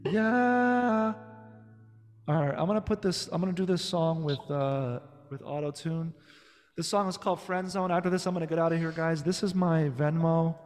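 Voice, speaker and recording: A man's voice: a little high, fairly even intonation, fairly quick, darkish tone. A man doing a comedy song set on a club stage, bantering crudely and playfully between verses. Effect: auto-tune on the singing. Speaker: comedian performing songs. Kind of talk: live comedic song set with spoken asides. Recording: reverberant live room with guitar.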